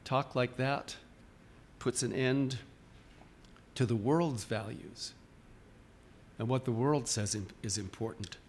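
A man preaching a sermon in a church, informal and questioning, often restarting his sentences. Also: medium pitch. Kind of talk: conversational sermon.

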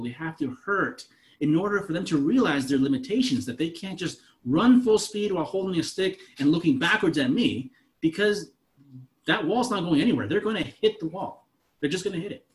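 Pastor guy in his 30s giving a chatty sermon, slightly high voice, gets emphatic. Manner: conversational, lively, shifts between soft asides and emphatic lines.

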